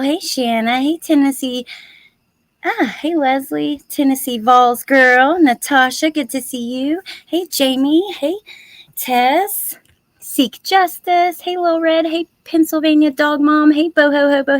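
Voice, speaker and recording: A woman hosting a casual livestream with a slightly high voice, chatty and upbeat as she greets viewers by name. The sound is dry and close, with no room echo. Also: measured pace. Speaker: true-crime YouTube livestream host.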